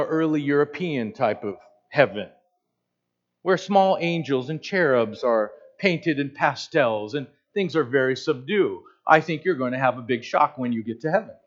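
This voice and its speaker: A pastor in his fifties preaching a sermon in an animated, conversational way with joking asides. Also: a little high, normal speed. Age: 50s. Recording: slightly dull lo-fi sound.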